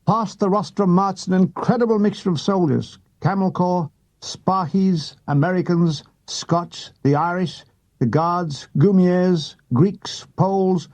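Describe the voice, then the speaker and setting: A man's voice: fairly high pitch, a little mellow. A man reading a comic war memoir as an audiobook narrator, with dry comic timing.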